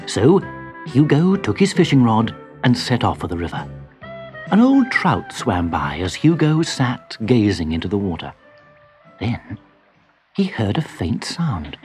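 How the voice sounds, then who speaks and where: A man reading a children's storybook aloud in an expressive way. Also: fairly low pitch, unhurried. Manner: expressive, very lively intonation. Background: faint music.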